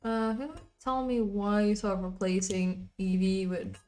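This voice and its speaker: A woman's voice: medium pitch, flat delivery, unhurried, mellow, a little hiss or hum. A woman streaming live, chatting casually and rambling as she answers her chat.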